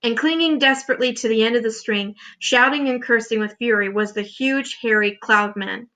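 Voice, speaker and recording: A woman teacher reading a children's book aloud with expressive, clear storytelling. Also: fairly high pitch, normal speed.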